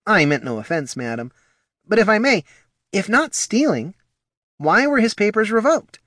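A man's voice: high-pitched, sing-song, normal speed, pushed and bright, no room sound, clean studio sound, pitched above the performer's own voice, full character voice. A man voicing a polite, formal scribkin banker who sounds flustered and guilty, in a storybook reading.

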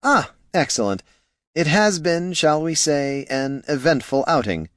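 Man voicing a fussy prim gnome gentleman. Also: fairly high pitch, expressive, measured pace, dry recording, studio quality, pitched above the performer's own voice. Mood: strained politeness. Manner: fussy, clipped formal courtesy.

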